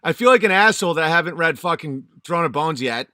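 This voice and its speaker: High-voiced man on an angry rant. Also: lively intonation, fast talker, pushed and bright, no echo, studio quality. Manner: angry, profane, emphatic. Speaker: channel host. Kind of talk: ranting vlog monologue.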